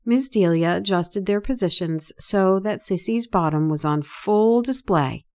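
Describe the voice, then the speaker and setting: A woman narrating an erotic story in a slow, deliberate reading voice. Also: mid-range voice, a little mellow.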